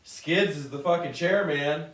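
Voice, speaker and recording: A man's voice: on the high side, a little slow. A man co-hosting a casual wrestling talk show, telling stories and teasing his co-host with lots of swearing. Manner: profane, teasing banter. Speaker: podcast co-host. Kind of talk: casual chat. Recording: roomy echo, distant mic.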